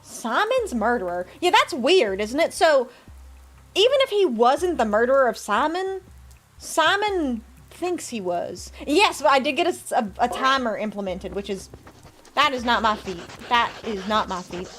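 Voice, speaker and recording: A woman's voice: a little high, big pitch swings, moderate pace. A woman streaming a game live, chatting playfully with viewers and reading the game's text aloud. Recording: faint music behind.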